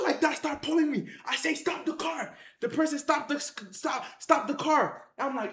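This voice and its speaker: A speaker telling a wild story to viewers in casual slang, acting out fights with shouted sound effects and repeated phrases. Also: sits high, moderate pace, roomy sound. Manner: excited, acts out the action with sound effects and shouts. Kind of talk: animated tall-tale storytelling to viewers.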